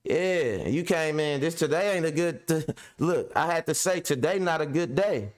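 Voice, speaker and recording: A man's voice: on the high side, lively intonation, normal speed. A young adult man hosting a podcast, venting angrily about a tenant, swearing heavily and talking in slang. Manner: heavy profanity, slangy, ranting. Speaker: podcast host and landlord. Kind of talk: angry venting monologue.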